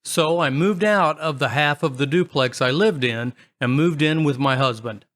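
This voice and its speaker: A man with a slightly raised, light pitch narrates online stories in a relaxed, casual way. He adds wry little remarks between the tales, keeping a chatty storytelling tone. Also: normal speed.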